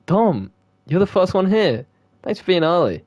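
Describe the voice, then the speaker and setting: A man's voice: high voice, very animated, moderate pace, darkish tone, dry recording, highs cut off, pitched above the performer's own voice. A man voicing a cheerful teenage girl who is the club president, reading her lines in a friendly, lightly lifted voice.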